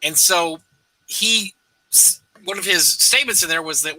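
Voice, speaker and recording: A man's voice: sits high, fairly quick, pushed and bright, no room sound. A man co-hosting a casual live stream, telling rambling self-deprecating stories. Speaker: co-host. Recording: dry, distant from the mic.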